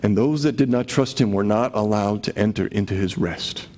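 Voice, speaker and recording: A man's voice: on the low side, moderate pace, darkish tone. A man preaching a sermon to his congregation in a conversational way, often asking rhetorical questions. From Connecticut. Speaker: pastor.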